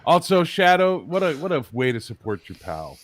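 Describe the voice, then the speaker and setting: Lively, mock-indignant man teasing. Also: a little high, normal speed, a little hiss or hum. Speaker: game designer guest. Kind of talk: casual chat.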